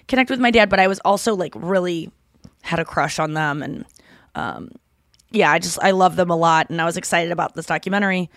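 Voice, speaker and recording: A chatty woman hosting a casual podcast, her voice sitting a little low. She rambles from one thought to the next and swears casually. The sound is close and dry. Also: vocal fry, a bit bright, dry recording. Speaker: podcast host.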